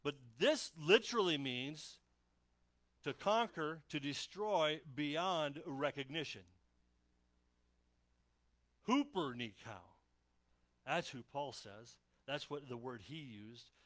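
A man preaching a sermon as pastor, animated and playful, with frequent restarts as he acts out Bible scenes in voices. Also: a little high, slow pace, pauses often.

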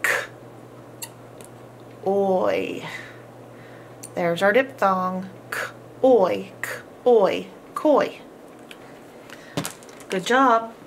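Patient teacher, woman, slow and deliberate, spells words sound by sound, faint hiss behind. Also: medium pitch, wildly swooping pitch. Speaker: homeschool teacher. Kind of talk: phonics lesson.

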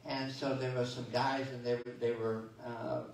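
A man's voice: mid-range voice, flat delivery, normal speed, creaky, slight background noise. A man preaching a sermon as pastor, folksy and conversational, telling stories and reading scripture with many restarts and asides. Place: church sanctuary. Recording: echoey church sanctuary from far off.

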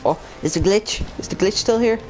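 A man with a gaming channel commentating live over a shooter match, excitable and swearing as he reacts. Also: high-pitched, brisk. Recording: game gunfire under the voice. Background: gunfire and explosions from the game.

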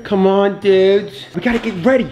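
A man hosting a family toy vlog, talking playfully and excitedly with his kids. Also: high voice, normal speed, highs cut off. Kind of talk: casual family vlog chat. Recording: music bed under voice.

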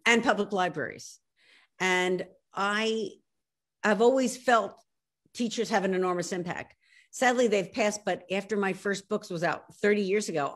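An older woman from South Philadelphia speaks with a clear Philadelphia accent, her pitch sitting mid-range. She talks in an animated, emphatic rush, leaning hard on key words. It sounds like a video call interview. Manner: animated, emphatic, quick to laugh at herself. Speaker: author guest. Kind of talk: casual interview chat.

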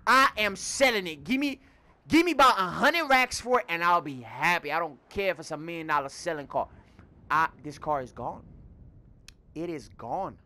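Theatrical man doing loud game commentary. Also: very high-pitched, lively intonation, moderate pace. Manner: loud, theatrical, swings from mock grief to yelling. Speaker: gaming YouTuber. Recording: background noise under the voice.

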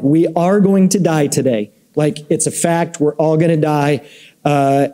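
High-voiced man teaching a church class. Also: mellow. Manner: conversational, storytelling, joking with the class. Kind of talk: casual Bible class lecture. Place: church classroom with live audience.

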